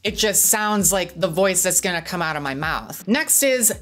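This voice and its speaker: A woman's voice: fairly low pitch, normal speed, fairly bright tone, faint music behind. A woman teaching voice training in a casual vlog, explaining things by demonstrating shifts in her own voice. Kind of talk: instructional vlog.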